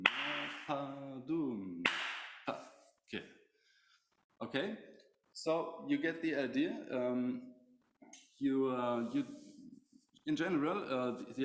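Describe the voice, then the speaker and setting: Slow-talking man teaching drum rhythms. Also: medium pitch, a little mellow. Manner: hesitant, many fillers and restarts. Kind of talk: instructional lesson with spoken rhythm syllables. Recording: echoey room.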